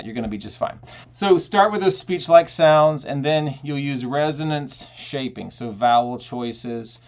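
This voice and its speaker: A man teaching belting technique, talking casually and breaking into loud belted "hey" and vowel demonstrations. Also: medium pitch, creaky. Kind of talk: vocal technique lesson with sung demonstrations.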